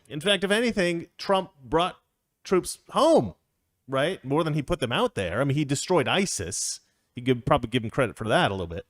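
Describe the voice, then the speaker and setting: A show host with a mid-range voice runs a casual political commentary program, opinionated and rambling, chuckling often as he talks. The recording is studio quality with no room sound.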